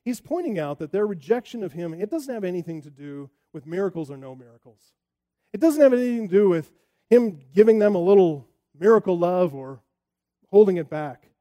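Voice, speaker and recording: High, mellow-toned preacher man. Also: big pitch swings, a little fast. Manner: emphatic preaching that rises and falls, acting out taunts of the crowd. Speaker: pastor. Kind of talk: sermon.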